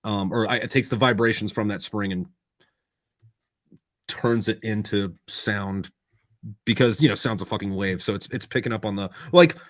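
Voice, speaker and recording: A man's voice: on the low side, normal speed, long pauses, no room sound, clean studio sound. A man hosting a podcast in casual chat, swearing freely and explaining things at length. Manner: loose and profane, explains at length. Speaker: podcast host.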